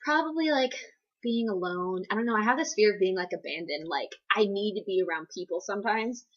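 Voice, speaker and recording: A young woman from the US East Coast chats through viewer questions on her vlog, her voice slightly breathy and husky. She rambles, fills her sentences with "like," and turns self-deprecating, all over a dull, lo-fi home recording. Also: medium pitch, expressive, brisk. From East Coast United States. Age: young adult. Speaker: vlogger answering viewer questions. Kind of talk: casual Q&A vlog.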